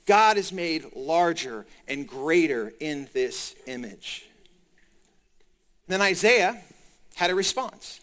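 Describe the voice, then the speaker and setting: A male preacher delivering a sermon in a high, bright voice. He is animated and keeps asking the congregation questions as he explains the scripture. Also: takes it slowly. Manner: animated, talks to the congregation directly.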